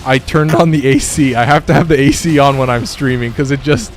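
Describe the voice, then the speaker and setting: A young man live-streams a game from his bedroom, talking casually to viewers between excited, profane outbursts at the enemies he fights. His voice sits at an ordinary middle pitch. A faint hiss runs under the phone recording. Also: brisk. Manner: excitable, swears at enemies, chatty asides to viewers. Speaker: gaming streamer. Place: home bedroom.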